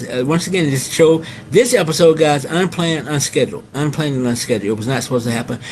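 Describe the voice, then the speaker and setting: A middle-aged man hosting a casual storytelling monologue. He repeats his phrases and keeps addressing his listeners as guys. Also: a little high. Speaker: host.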